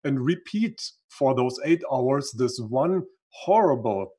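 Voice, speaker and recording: A man's voice: medium pitch, expressive, slow pace, dark tone, breathy edge. A man who speaks English as a second language, telling his life story as an interview guest in an earnest, reflective way and sometimes searching for words. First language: not English. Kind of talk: conversational storytelling.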